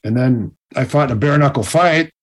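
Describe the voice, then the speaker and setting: Animated male storyteller. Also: medium pitch, normal speed. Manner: animated, acts out quoted voices. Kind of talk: casual storytelling.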